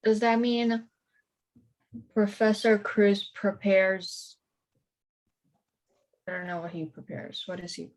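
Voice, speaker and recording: A woman student reading aloud carefully in an online class over a video call, halting at times. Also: mid-range voice, a little hiss or hum, poor audio.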